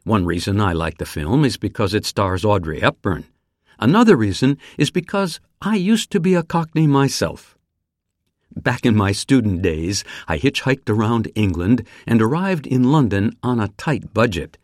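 Man, essay reading, lively pitch, dry close sound, careful measured delivery. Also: dry recording. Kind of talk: read-aloud personal essay.

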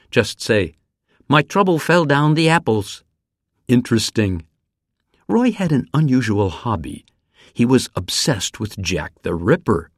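A man reads a personal essay aloud with a lively, rising and falling voice. His delivery is slow, careful and evenly measured. The recording is dry and close, with no room sound. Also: medium pitch, no room sound.

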